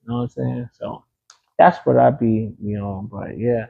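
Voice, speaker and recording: A man's voice: medium pitch, moderate pace, vocal fry, phone-quality sound. A man being interviewed, telling a personal story in a casual, emphatic way, often repeating key phrases. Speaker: interview guest.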